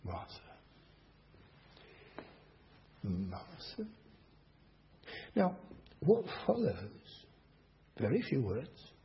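Slow, lively preacher. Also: male voice, medium pitch. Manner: slow, measured preaching with rhetorical questions. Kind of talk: sermon. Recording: dull lo-fi recording.

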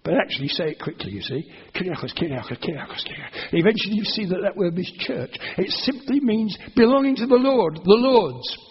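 A man with a high, husky voice preaches a sermon, explaining patiently and then pressing his point with repeated phrases. The recording sounds dull and lo-fi, as on an old sermon tape. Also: lively intonation, a little fast, hardly any pauses. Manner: earnest, explanatory, rising to emphatic repetition. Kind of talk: expository sermon.

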